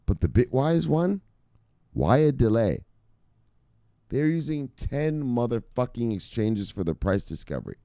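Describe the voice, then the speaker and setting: A man hosting a crypto news show, ranting with heavy swearing, jumping between loud outbursts and low mutters. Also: very animated, unhurried, no room sound, studio quality. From United States. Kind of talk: profane animated ranting commentary.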